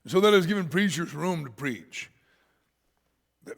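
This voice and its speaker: An American man preaching a sermon as pastor, an animated storyteller who punches out words for emphasis and jokes about himself. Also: fairly high pitch, normal speed, vocal fry, pauses often. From United States. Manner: animated storyteller, shouts words for emphasis, self-deprecating humor. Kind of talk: expository sermon. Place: church sanctuary. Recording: church hall reverb.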